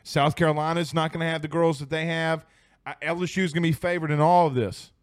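A man's voice: fairly high pitch, steady tone, fast talker, no room sound, clean studio sound. A man hosting a casual sports talk stream, joking and laughing easily. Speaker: sports show host.

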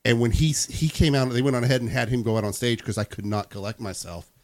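A man hosts a casual podcast and tells stories in a rambling way, breaking into laughter as he goes. His voice sits in an ordinary middle pitch, and the sound is dry and close with no room echo. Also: quick pace, a little mellow. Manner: rambling storyteller, laughing through anecdotes. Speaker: podcast host. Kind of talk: casual chat.

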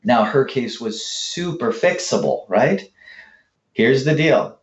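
A man working as a fitness coach, telling client stories in a lively, casual way and acting out both sides of the talk. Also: mid-range voice, takes it slowly. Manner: animated, acts out client conversations. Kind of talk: casual storytelling interview answer. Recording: roomy, dull lo-fi sound.

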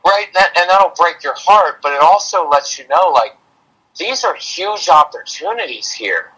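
With a fairly high, breathy-edged voice and a rough recording, a middle-aged parenting coach tells a podcast interviewer a story from his own life. He animatedly plays out both sides of an exchange between himself and his son.

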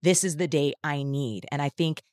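A woman's voice: sits low, moderate pace, darkish tone, dry recording, studio quality. A woman co-hosting a podcast in a casual chat, thoughtful and rambling, laughing easily. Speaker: podcast co-host, mother of two.

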